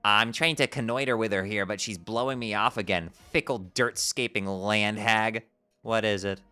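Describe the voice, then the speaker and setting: A man's voice: lowish voice, fairly even intonation, normal speed, sharp tone, smooth, faint music behind. A man streaming himself as he reads a webcomic aloud, tripping over strange words, swearing casually and breaking off to laugh and comment.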